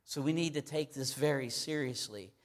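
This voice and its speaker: A man's voice: medium pitch, normal speed. A man preaching a sermon in an earnest, emphatic manner, repeating key phrases to drive them home.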